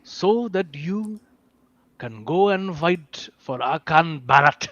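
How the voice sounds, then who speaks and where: A man doing a put-on Indian accent, pleading and polite, pitched well above his usual voice with slow, drawn-out pauses. It comes through a dull, lo-fi mic with a dry sound. The voice reads as a broad comic bit. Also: lively intonation, fairly bright tone, no room sound. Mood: mock pleading.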